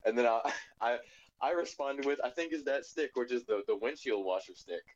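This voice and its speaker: A man's voice: mid-range voice, animated, moderate pace. A young man telling a rambling, laugh-filled story in casual chat. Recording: dull lo-fi sound.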